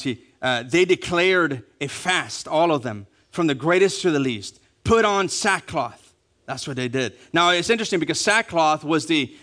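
Lively pastor preaching with hushed emphasis. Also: male voice, a little high. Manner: animated, acting out quotes, dropping to hushed emphasis; repeats key phrases, asks congregation to say it along. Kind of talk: sermon.

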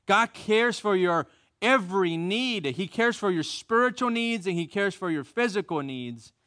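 An American man delivers a sermon in a slightly high voice, animated and emphatic. He repeats key phrases and pulls the congregation into call-and-response. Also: unhurried. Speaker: preacher.

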